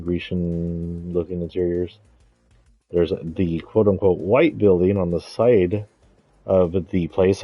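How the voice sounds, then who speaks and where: A man's voice: deep voice, dry recording, lo-fi sound. A man giving casual, rambling gameplay commentary, thinking aloud and correcting himself as he goes. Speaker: streamer.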